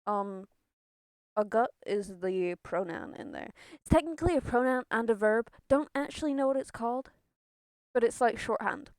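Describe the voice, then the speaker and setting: A woman's voice: on the high side, moderate pace, darkish tone, no echo. A young woman streaming a game, chatting in a rambling way, swearing and laughing often. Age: young adult. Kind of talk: casual gameplay chatter.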